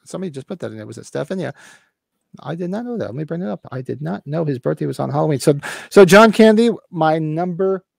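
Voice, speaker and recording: A man in his fifties co-hosting a casual livestream podcast, excited, swearing freely and acting out movie lines. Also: on the high side, fast, vocal fry, no echo, clean studio sound. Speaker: podcast co-host.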